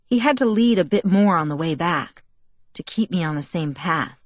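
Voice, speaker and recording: A woman narrating a novel in the first person with a steady, even storytelling delivery. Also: low-pitched, normal speed, no echo. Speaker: audiobook narrator.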